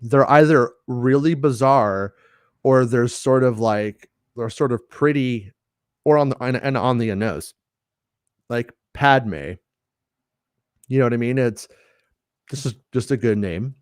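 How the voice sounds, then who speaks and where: A man's voice: mid-range voice, measured pace, pauses often, smooth, no echo. Male podcast host, loose rambling chat full of restarts, dry close mic. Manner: rambling, many restarts and fillers. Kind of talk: casual chat.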